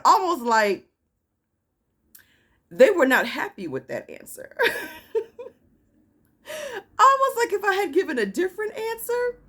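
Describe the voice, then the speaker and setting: Lively woman telling a story. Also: a little high. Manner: animated, laughing, acting out quotes. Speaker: vlogger. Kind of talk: casual storytelling.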